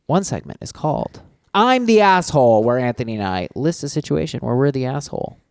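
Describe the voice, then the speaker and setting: A man co-hosting a podcast with a very lively, swooping delivery. He teases his partner and reacts loudly to the story. The recording is dry and close. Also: medium pitch, brisk, vocal fry, smooth, dry recording. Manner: animated, teasing, exclamatory reactions. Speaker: podcast co-host. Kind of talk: casual chat.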